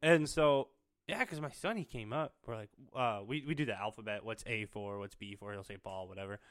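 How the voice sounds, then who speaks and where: A young man chatting casually on a podcast, telling animated stories and swearing freely. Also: lowish voice, a little fast. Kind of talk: casual chat.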